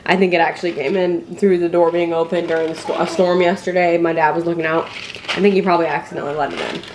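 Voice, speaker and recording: The family vlogger, a young woman from Indiana, is a fast talker with a fairly low pitch and fairly even intonation. She tells a chatty story to camera indoors at home, restarting often and using plenty of fillers, while faint noise and room echo come through.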